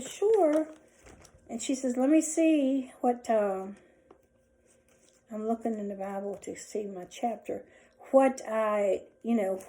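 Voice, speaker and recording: A middle-aged woman tells a long personal story to her viewers from home. Her voice is mellow and warm. She rambles and restarts her sentences often. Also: fairly high pitch, poor audio. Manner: rambling, chatty, many restarts and asides. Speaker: vlogger. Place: indoors at home.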